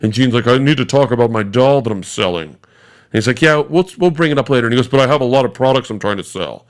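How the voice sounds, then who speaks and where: A man in his forties spins a casual story as a podcast guest. His delivery is animated and profane, rushing through details and leaning hard on punchlines. He has a mid-range male voice. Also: mid-range voice.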